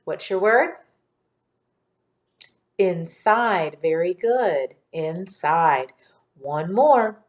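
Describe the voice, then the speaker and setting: A woman teaching a phonics lesson to young children in a patient, clear teacher voice, sounding out letters one by one. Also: fairly low pitch, animated, extremely slow, pauses often.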